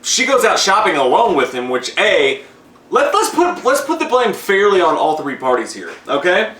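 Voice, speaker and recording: A man co-hosting a casual recap chat, animated, laughing often and acting out lines. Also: high-pitched, normal speed, roomy sound, recorded from a distance. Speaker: podcast co-host reviewing a TV episode.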